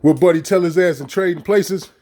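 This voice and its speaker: A middle-aged man with a slightly high voice rants in a loose, profane vlog. He mocks and fires off rhetorical questions, heated and blunt. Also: a little fast, warm tone. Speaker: vlogger. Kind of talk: casual ranting commentary.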